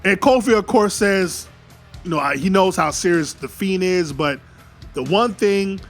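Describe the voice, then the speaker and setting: A man excitedly retelling an imagined wrestling match play by play, calling out the moves and the pin counts. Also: a little high. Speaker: YouTube wrestling commentator.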